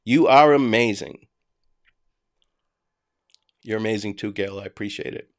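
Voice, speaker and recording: A man with a Boston accent hosts a casual livestream, bluntly ranting at his viewers and swearing freely. His voice sits lowish and moves at a measured pace. It's just his voice, picked up by a home desk microphone.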